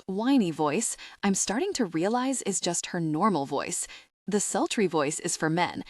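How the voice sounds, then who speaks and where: Dry, low-voiced woman narrating a romance. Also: dry recording. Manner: wry, sassy first-person storytelling. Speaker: audiobook narrator. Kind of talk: first-person romance audiobook narration.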